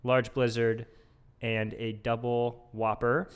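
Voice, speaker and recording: Brief: young male co-host, mid-pitched, easygoing and self-mocking, casual talk. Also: normal speed, slight background noise. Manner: laughing, self-deprecating. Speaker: podcast co-host. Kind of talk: casual chat. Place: back of a gym.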